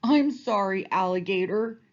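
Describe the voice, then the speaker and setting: Storybook figure: woman voicing a moody, tearful male moose, lively pitch, muffled recording. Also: measured pace. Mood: sobbing. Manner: emotional, wailing and sobbing. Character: moody male moose, swinging from laughter to tears. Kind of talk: storybook read-aloud.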